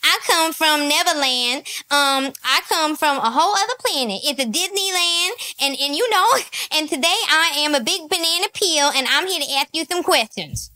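A woman's voice: sits high, normal speed, sharp tone. A woman mocking a ditzy giggly red-carpet girl. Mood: giddy. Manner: giggly, sing-song, mocking. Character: ditzy upbeat female red-carpet interviewer.

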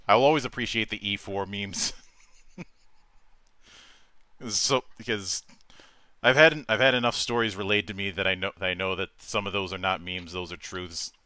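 A deep-voiced man hosts a relaxed chat, his low tone edged with a bright, forceful ring. He rambles, restarts his sentences and chuckles often. The sound is dry and close, with no room echo. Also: normal speed, pauses often, smooth. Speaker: host. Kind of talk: casual chat.

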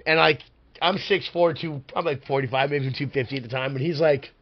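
A man with a slightly high voice spins a long, animated yarn as a podcast guest, cursing freely and padding his sentences with "like." The audio sounds somewhat muffled and lo-fi. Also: fairly quick. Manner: profane, animated, rambling with many "like" fillers. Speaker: podcast guest, pro wrestler. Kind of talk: casual storytelling.

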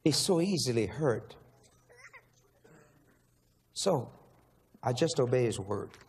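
A man's voice: medium pitch, expressive, slow pace, darkish tone, breathy edge. A man preaching a sermon in a large church, emotional and pleading, asking the same questions again and again. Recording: long echo of a large hall.

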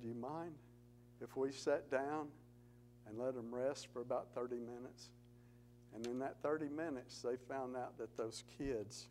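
A man's voice: mid-range voice, a little mellow, rough recording. Man, church testimony speaker, earnest storyteller who builds emphasis; mid voice, light hum on the recording.

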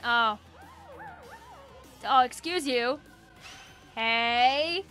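A woman hosting a gaming channel, giving excitable, joking let's-play commentary and talking to the characters on screen. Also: high-pitched, measured pace, faint music behind.

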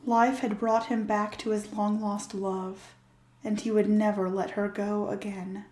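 A woman narrating a romance fanfiction story in a gentle, expressive reading voice. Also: mid-range voice, unhurried, echoey room.

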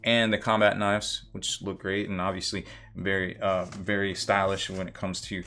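A man's voice: low-pitched, flat delivery, normal speed, sharp tone, a little hiss or hum. A man giving a casual unboxing commentary as a miniatures reviewer, rambling with fillers and self-corrections.

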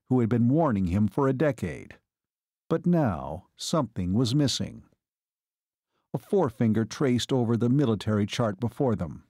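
A man reads a war story aloud in an even, measured way. His voice sits at an ordinary pitch for a man. The recording is close and dry, with no room sound. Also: no room sound. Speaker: audiobook narrator. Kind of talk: scripted narration.

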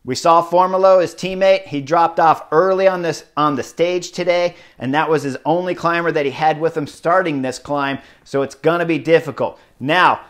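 A middle-aged man giving casual, excited analysis of a bike race, stressing points with emphatic repetition. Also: fairly high pitch, moderate pace, hardly any pauses. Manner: excited, emphatic, piles up rider titles.

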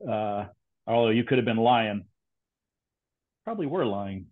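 With a fairly low voice and lively intonation, this former SEAL guest recounts his training days at a measured pace. The storytelling chat is casual and full of dry teasing, heard through a tinny, phone-like line.

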